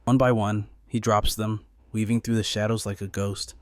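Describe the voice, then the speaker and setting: Low-voiced male story narrator. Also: little pitch movement, moderate pace, dry recording. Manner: urgent, dramatic storytelling. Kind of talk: dramatic comic recap narration.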